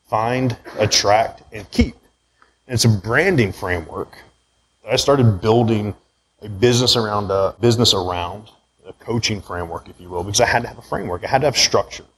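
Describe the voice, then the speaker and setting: A man with a somewhat low voice tells his own story to a live audience in a room. He talks in a candid, conversational way and keeps asking "right?" to pull the listeners in. A faint hum of room ambience sits behind him, and he sometimes drifts away from the mic. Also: poor audio. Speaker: speaker giving a talk.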